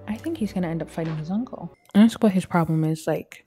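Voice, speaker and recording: A woman's voice: on the low side, dark tone, breathy edge, faint music behind. Chatty young woman narrating gameplay. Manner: chatty, voices characters in quick asides. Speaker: let's play gamer. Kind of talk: casual gameplay commentary.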